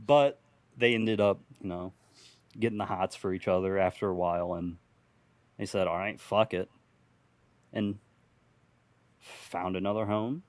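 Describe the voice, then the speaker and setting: A young man spins a loose, profane improvised tale for a podcast, chuckling at his own jokes as he goes. His voice sits on the low side. The sound is dry and close to the mic. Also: slow pace, long pauses, darkish tone, no room sound. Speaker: podcast host telling an improvised story. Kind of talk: casual improvised storytelling.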